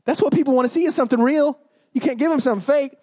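A man's voice: very high-pitched, racing, dark tone, no echo, studio quality. A man preaching a sermon in a church, emphatic and conversational, with frequent rhetorical questions. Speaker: pastor.

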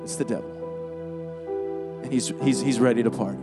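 A man's voice: mid-range voice, brisk, over loud music. A man preaching a sermon in a church, emphatic and conversational, with frequent rhetorical questions. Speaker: pastor.

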